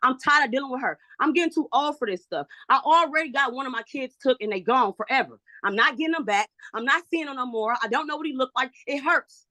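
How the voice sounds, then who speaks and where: A woman's voice: high voice, expressive, fast, hardly any pauses, pushed and bright, dry recording. A woman testifying in a custody hearing, agitated and pleading, repeating herself out of frustration. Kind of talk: emotional courtroom testimony.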